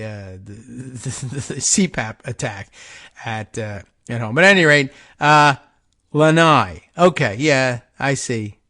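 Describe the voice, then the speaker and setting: A man's voice: mid-range voice, pushed and bright. A man hosting a talk show, thinking aloud in a casual, rambling monologue, wry and self-mocking as he wanders off topic. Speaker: radio show host.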